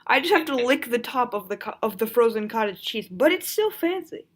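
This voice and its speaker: A young woman chats on a podcast over a video call, tossing in quick jokes and giggles. Her pitch moves up and down in a lively way. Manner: giggly, quick jokey replies. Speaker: podcast co-host. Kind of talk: casual chat.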